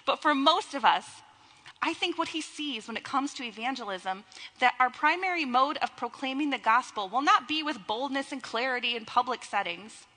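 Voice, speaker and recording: A young woman pastor preaches in a church sanctuary, her high voice animated and sharp at a moderate pace. She tosses playful, teasing asides to her congregation, and the recording carries the long reverb of a church hall.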